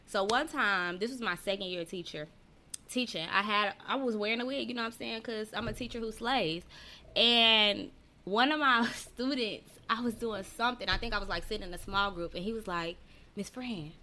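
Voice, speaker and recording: A woman with a bright, ringing voice hosts a loose live-stream chat for her podcast. She talks straight to her viewers, reads their comments aloud and laughs often. Her delivery is animated. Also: mid-range voice, normal speed, a little hiss or hum. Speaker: podcast host; teacher. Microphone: personal mic.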